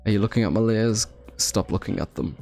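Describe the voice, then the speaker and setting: A young man from Britain chats on his live stream in a slightly mellow voice on the low side, at a fairly quick pace. He thanks viewers, reads the chat aloud, and swears occasionally while soft music plays.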